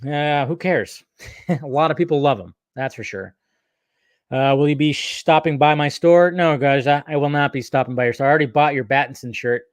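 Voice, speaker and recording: A man's voice: a little high, fairly quick, dry recording. A man hosting a casual livestream, reading chat questions aloud and answering in a rambling, profane way.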